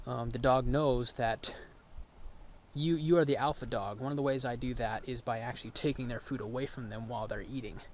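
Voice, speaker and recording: A man casually explaining dog training in a relaxed, rambling way, with many ums and restarts. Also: medium pitch, slight background noise. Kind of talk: casual outdoor instruction. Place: outdoors with his dog.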